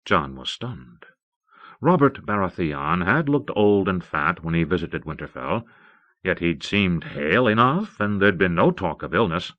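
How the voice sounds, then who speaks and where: A man reading an audiobook in a steady, measured way, from an old cassette tape. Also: deep voice, lo-fi sound. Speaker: audiobook narrator. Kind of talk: scripted narration.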